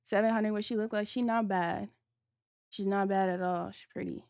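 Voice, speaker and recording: A young woman on a livestream rattles off a personal story in loose, profane slang, leaning on "like" at every turn. Her voice sits in a middle register and she jumps into quoted lines with sudden lifts in pitch. The sound is dry and close. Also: steady tone, moderate pace, a little mellow, smooth, dry recording. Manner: chatty, slangy and profane, heavy use of "like". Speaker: streamer. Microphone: streaming setup.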